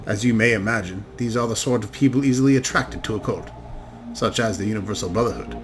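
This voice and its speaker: A man's voice: fairly low pitch, fast, a little hiss or hum, lightly acted. A man voicing a flamboyant, sardonic elf man who lectures in a wry way. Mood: lecturing.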